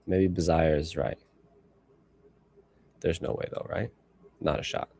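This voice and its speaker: A man's voice: deep voice, fairly even intonation, unhurried, creaky, dark tone, slight background noise. A man in his thirties streaming live as he edits photos, rambling and talking to himself while he works. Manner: rambling self-talk, musing aloud. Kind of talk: casual livestream commentary while working.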